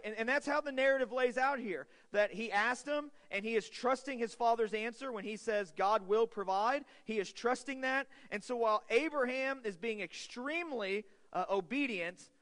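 A male pastor preaching a sermon with an earnest manner, rising to loud, urgent peaks and then dropping to quiet stretches. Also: high voice. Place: church sanctuary. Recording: long hall reverb.

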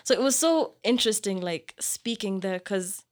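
A woman's voice: mid-range voice, expressive, moderate pace. A young woman from Kenya, co-hosting a casual podcast chat, laughing often and mimicking people's reactions as she tells stories.

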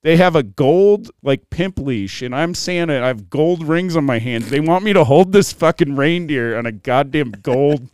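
A man telling a story in casual chat, animated and swearing freely, laughing as he goes. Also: on the high side, moderate pace, few pauses, clear, resonant tone, dry recording, clean studio sound. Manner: animated, profane, laughs through his story.

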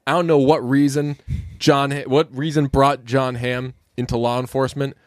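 A man's voice: medium pitch, little pitch movement, moderate pace, dry recording, clean studio sound. A young man from the Boston area, co-hosting a podcast in casual, rambling chat, peppered with swearing. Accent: faint Boston. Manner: rambling, swears, quotes people in voices. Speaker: podcast co-host.

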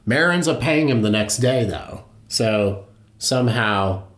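A man's voice: mid-range voice, expressive, a little slow, fairly bright tone, roomy sound. A man hosting a podcast, retelling a true-crime story in a loose, conversational way with fillers and easy laughs. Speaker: podcast host.

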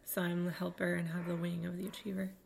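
A woman's voice: fairly low pitch, completely flat delivery, fast talker, creaky, a little mellow, slightly rough. A woman co-hosting a casual podcast, chatting loosely with lots of fillers and a morning voice. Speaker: podcast co-host. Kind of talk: casual chat. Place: home studio at a kitchen table.

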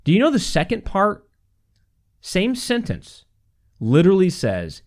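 Male podcast host, sermon-style delivery, very animated pitch, reads verses slowly, frequent laughs. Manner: animated, laughs often, repeats phrases for emphasis; reads scripture aloud slowly. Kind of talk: preaching-style podcast talk.

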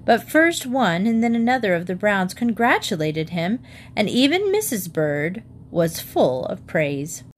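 A woman's voice: medium pitch, big pitch swings, a little hiss or hum. Woman reading a storybook aloud. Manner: measured, clear storytelling. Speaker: narrator.

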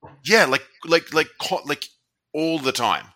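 A man's voice: fairly high pitch, lively intonation, a little slow, pushed and bright. A man with an Australian accent chatting casually and animatedly, repeating words as he gets going. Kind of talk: casual podcast chat.

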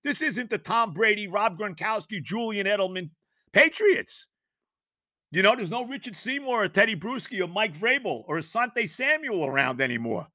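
A man's voice: sits high, animated, normal speed, sharp tone, dry recording, studio quality. A middle-aged man hosting a sports podcast, ranting angrily and profanely about his team's loss, worked up and exasperated. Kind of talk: angry sports rant.

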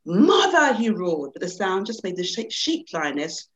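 Noise fills the background as a middle-aged woman, appearing as a panel guest by video call, talks reflectively and then reads a story aloud with dramatic swings. Her lowish voice is expressive and moves at a normal speed.

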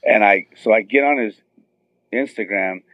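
A man in his thirties excitedly telling a story as a guest, acting out what others said. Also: moderate pace, dry recording. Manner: excited, acts out quotes with high squeals. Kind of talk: animated storytelling. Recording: tinny phone-line sound.

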